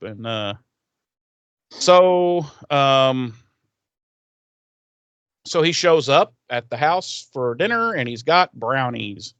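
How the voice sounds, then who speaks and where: A man's voice: mid-range voice, animated, very slow, pauses often, a bit bright, smooth, dry recording. Podcast co-host, male, dry close sound, swears freely and jokes through the recap. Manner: profane, jokey, laughs often. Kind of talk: casual recap chat.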